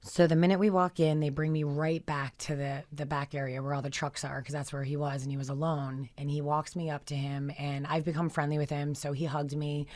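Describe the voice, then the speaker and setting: A middle-aged woman with a notably low voice tells heartfelt anecdotes as a radio interview guest. She rambles, restarts and fills pauses, and her telling turns emotional. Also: little pitch movement, darkish tone. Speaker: guest, founder of a therapy dog group.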